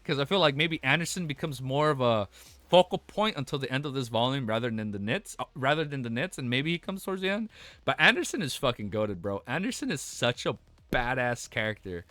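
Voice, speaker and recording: A young man streaming a web novel reaction, reading passages aloud and reacting with excited, slangy, swear-filled talk that stammers when he gets worked up. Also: a little high, a little fast, no room sound, faint music behind.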